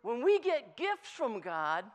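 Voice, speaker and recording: A preacher giving a conversational sermon, telling a story in an animated, chatty way. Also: mid-range voice, slow. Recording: long hall reverb.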